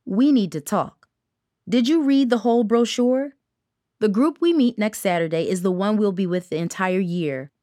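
A woman's voice: medium pitch, moderate pace, dark tone, no room sound, studio quality, lightly acted. Woman doing a sing-songy smug teen girl.

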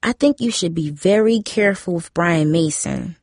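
A woman's voice: lowish voice, normal speed, darkish tone, dry recording, studio quality, natural voice. A woman voicing a prying teenage girl who presses insistently. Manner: insistent, needling.

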